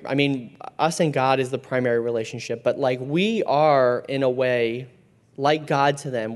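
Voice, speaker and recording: A man in his thirties, a parent and regular leader of a small church group, talking loosely with many fillers and restarts. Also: medium pitch. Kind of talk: casual faith talk to a group.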